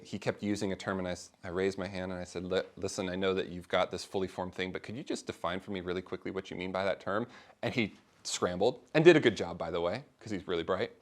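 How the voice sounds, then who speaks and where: A middle-aged man leading a faith discussion class, talking informally to a small group and acting out the people he quotes. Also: low voice. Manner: conversational, animated, acts out quoted voices.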